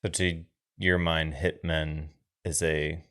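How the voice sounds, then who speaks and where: Very deep-voiced podcast co-host. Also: flat delivery, takes it slowly, a bit bright. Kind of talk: casual film-review chat.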